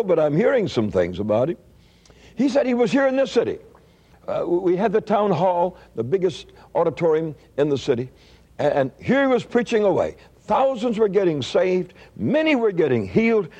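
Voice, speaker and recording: Older preacher telling a folksy story. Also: male voice, on the high side, darkish tone, husky. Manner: folksy storytelling with frequent restarts. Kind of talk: storytelling sermon testimony.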